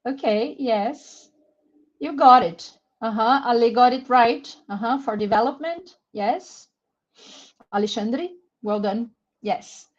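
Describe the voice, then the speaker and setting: Slow, careful Brazilian woman teacher. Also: fairly high pitch. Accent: Brazilian Portuguese. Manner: encouraging, reads out names from chat; slow, careful word-by-word explanation. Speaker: webinar presenter for English teachers. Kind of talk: live online teaching webinar. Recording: muffled lo-fi webinar audio.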